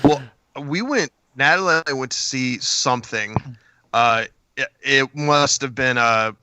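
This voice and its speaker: A man's voice: mid-range voice, unhurried, sharp tone, clear, resonant tone, dry recording. A middle-aged man co-hosting a podcast, telling stories with laughs and false starts. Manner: laughing storyteller, trips over starts. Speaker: podcast co-host. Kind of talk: casual chat.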